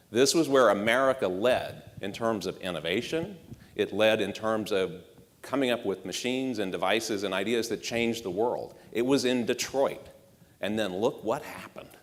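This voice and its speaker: Man giving a punchy keynote in a hall. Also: on the low side. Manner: punchy, rhetorical questions, dry sarcasm. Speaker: marketing executive giving a conference talk. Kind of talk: conference keynote speech. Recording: echoey hall reverb.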